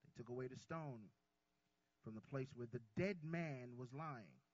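A man preaching a sermon, swinging from soft asides to loud cries and calling the congregation y'all. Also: medium pitch, unhurried, dry recording, muffled recording.

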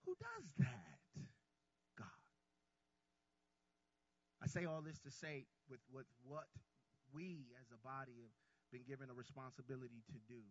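A man preaching a sermon, swinging from soft asides to loud cries and calling the congregation y'all. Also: medium pitch, very animated, measured pace, long pauses, dry recording, highs cut off.

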